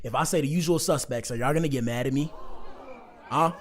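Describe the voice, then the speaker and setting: A man's voice: mid-range voice, brisk, noisy background. A man talking casually to his chat as a livestream commentary host, rambling and slangy. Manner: rambling, slangy, addresses chat often with "bro".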